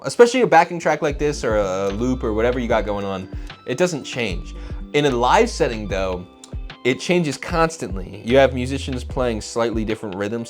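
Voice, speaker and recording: A man giving a casual guitar lesson, talking things through and scat-singing short phrases as he plays. His voice sits in an ordinary middle pitch. Guitar music plays clearly behind him. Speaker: guitar teacher.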